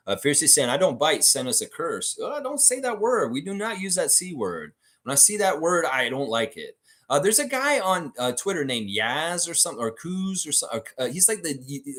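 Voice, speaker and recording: Man, live-stream sports chat host, blunt and opinionated, lively swinging intonation, desk mic. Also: mid-range voice.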